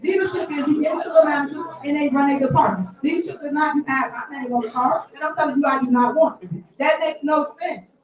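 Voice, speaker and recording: A woman's voice: high-pitched, fairly quick, hardly any pauses, muffled recording. A woman speaking at a township board meeting, pressing the board with repeated pointed questions. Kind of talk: heated remarks at a public meeting. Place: large meeting hall. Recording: echoey hall audio from far off with crowd. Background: crowd murmur.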